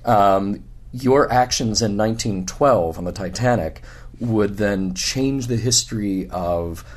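Male podcast host, lowish, slightly scratchy voice, enthusiastic casual talk. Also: slow. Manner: musing, enthusiastic, restarts often. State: scratchy voice after a convention. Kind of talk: casual conversation. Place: hotel room.

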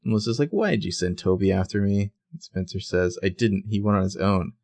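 Low-voiced, gravelly podcast co-host, relaxed and conversational, recorded dry. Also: male voice, brisk, no echo. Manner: conversational, reads out quotes in a plain voice. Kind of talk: casual recap chat.

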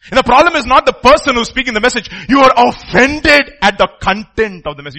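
A middle-aged man preaching a sermon, emphatic, repeating phrases and swinging between loud and soft. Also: sits high, brisk, hardly any pauses, poor audio.

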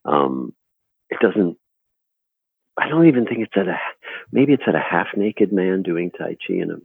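Very deep gravelly husky man. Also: animated, moderate pace, no echo, narrow, tinny audio. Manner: laughing, storytelling, self-deprecating. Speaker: actor guest. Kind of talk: anecdotal interview chat.

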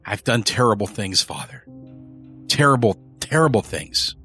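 A man's voice: lowish voice, sing-song, normal speed, sharp tone, faint music behind, exaggerated voice. A man voicing an arrogant, cruel rich young heir with a quavering voice that turns boastful and callous. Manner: pleading, quavering, then boastful.

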